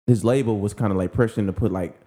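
A man's voice: on the low side, racing, warm tone. A young man co-hosting a casual podcast, telling rambling stories with lots of fillers. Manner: rambling storyteller, many fillers. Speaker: podcast co-host. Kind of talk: casual chat.

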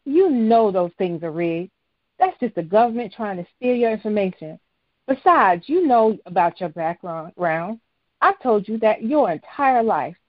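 A woman's voice: medium pitch, big pitch swings, a little slow, no room sound. A woman voicing a stubborn, defensive mother. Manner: dismissive, raises her voice when pushed. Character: stubborn middle-aged mother, defensive and guarded. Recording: dry, slightly dull lo-fi recording.

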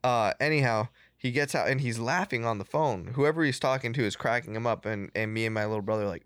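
A man telling a childhood story in casual podcast chat, profane and animated, laughing often. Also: mid-range voice, fast talker, few pauses, clean tone, no room sound, clean studio sound.

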